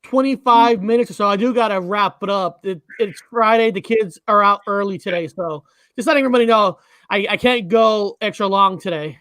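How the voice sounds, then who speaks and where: Relaxed man hosting a dry-sounding live stream. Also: high-pitched, a little fast, clear, resonant tone, no echo. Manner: reads viewer chat aloud, relaxed. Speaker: host. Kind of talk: casual live-stream chat.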